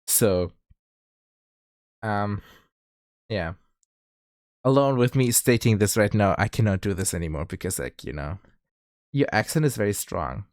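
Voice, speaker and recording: Lively young man with a German accent. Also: lowish voice, a little slow, long pauses, no echo, clean studio sound. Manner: rambling, with frequent restarts and bursts of laughter. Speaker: streamer. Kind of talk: casual livestream chat.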